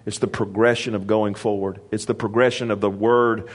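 A man's voice: flat delivery, moderate pace. A man preaching a sermon, calling for responses from the congregation and raising his voice for emphasis, with casual asides in between. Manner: call-and-response preaching, rises in pitch for emphasis; conversational asides and restarts.

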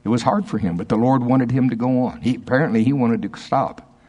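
A male pastor preaching a sermon, reading quotations slowly and emphatically with asides to the congregation. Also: medium pitch, dark tone, slightly rough.

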